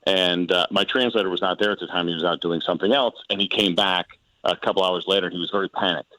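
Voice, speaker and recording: A former pitcher in his forties, a man telling a long story in a relaxed way on a sports radio show, with quoted back-and-forth dialogue. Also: fast talker, dry recording, low-quality recording. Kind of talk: casual sports radio chat.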